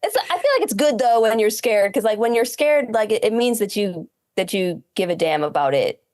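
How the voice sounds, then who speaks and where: A woman's voice: medium pitch, expressive, moderate pace, darkish tone. A woman hosting a casual podcast interview, asking rambling questions full of fillers. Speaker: podcast host.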